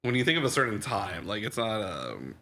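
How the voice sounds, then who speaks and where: A man's voice: on the low side, sing-song, a little fast, bright, forceful tone. A man co-hosting a podcast, chatting casually about a movie, laughing often, swearing and restarting his sentences. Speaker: podcast co-host. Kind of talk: casual movie review chat.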